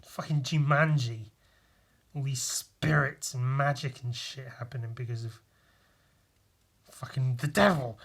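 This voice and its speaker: A man's voice: medium pitch, fairly even intonation, moderate pace, gravelly, fairly bright tone, husky. A man talking alone on a casual podcast, with a stuffy, congested voice. He rambles, swears freely, and pokes fun at himself, restarting sentences as he goes. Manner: rambling, profane, self-mocking. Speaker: podcast host. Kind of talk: casual solo podcast monologue.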